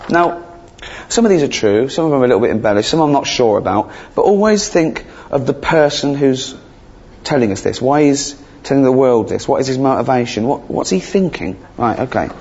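A man doing a stand-up comedy routine, rambling and sweary, with deadpan asides that break into shrill outbursts. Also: a little hiss or hum. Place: theatre stage before a laughing crowd. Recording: dull live recording with loud audience.

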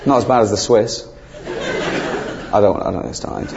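A man's voice: fairly low pitch, normal speed, creaky, pauses often. A man doing stand-up comedy, cheeky and mock-exasperated, swearing freely. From England. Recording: dull live recording, background noise.

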